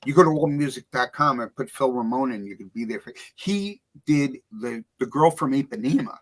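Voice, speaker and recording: A middle-aged man, a guest on a talk show, telling a story with lively voices for the people in it. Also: fairly quick. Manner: acts out voices in his stories, big swings in pitch and loudness. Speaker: author and music producer guest.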